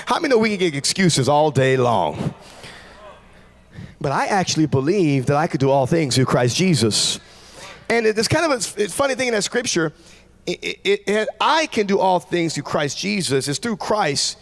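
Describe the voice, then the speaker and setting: A man preaching a sermon in a church, shouting out fervent declarations to the congregation. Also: on the high side, big pitch swings, normal speed. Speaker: guest pastor.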